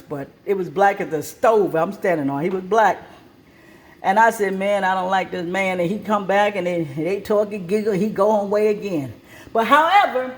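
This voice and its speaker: A woman hosting a cooking show and telling a story at her kitchen stove, lively and plain-spoken. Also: mid-range voice.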